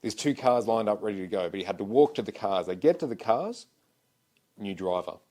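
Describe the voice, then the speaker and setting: A man co-hosting a podcast, recounting a security job in a brisk, emphatic conversational way. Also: on the low side, animated, mellow. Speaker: podcast co-host. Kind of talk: casual conversation.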